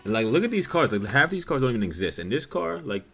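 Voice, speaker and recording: A man's voice: medium pitch, sing-song, quick pace, gravelly, fairly bright tone, faint music behind. A man in his thirties, recording a casual reaction vlog outdoors. He swears a lot and swings between frustration and hype as he reacts to old footage. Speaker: car show organizer reacting to old footage.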